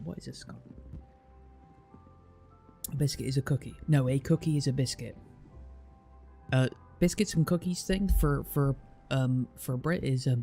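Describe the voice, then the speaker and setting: A British man chatting casually on a stream, picking up viewer comments and explaining things at length. His voice is gravelly with creak, at a middle pitch, with faint music playing behind him. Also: mellow. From Britain.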